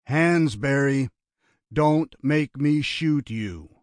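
A man's voice: mid-range voice, drawn-out words, no echo. A man doing a cold, commanding gunman. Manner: firm, flat commands. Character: cool, commanding male gunman, matter-of-fact.

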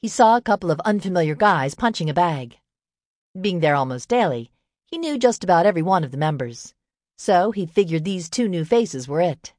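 Narrating a novel for an audiobook, a woman with a voice on the low side reads her script in a steady, measured manner. The sound is dry and clean, as from a studio.

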